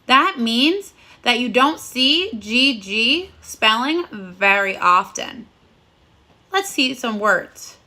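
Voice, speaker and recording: A woman teaching phonics to first graders in a video lesson. Her voice sits high and sounds bright and clear. She talks slowly and cheerfully, with sing-song praise for the children. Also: sing-song.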